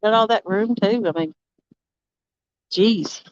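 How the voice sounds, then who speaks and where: Streaming from a campsite outdoors, this woman angler talks casually, laughing a lot and welcoming viewers by name. She speaks slowly in a mid-range voice, and the audio sounds dull.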